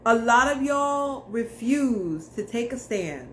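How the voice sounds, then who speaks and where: A woman's voice: on the high side, expressive, takes it slowly, few pauses, a bit bright, slight background noise. A young woman giving a casual tarot reading to camera, blunt, slangy and profane as she talks straight to viewers. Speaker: tarot reader.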